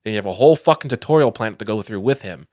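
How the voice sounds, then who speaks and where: A man co-hosting a casual podcast, ranting in profane, animated bursts. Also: fairly low pitch, rapid-fire, no room sound, studio quality. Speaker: podcast co-host.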